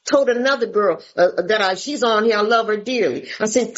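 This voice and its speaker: A woman's voice: mid-range voice, moderate pace, hardly any pauses, lo-fi sound. A woman from Atlanta sharing her recovery story at a meeting, folksy and emphatic, calling listeners "baby".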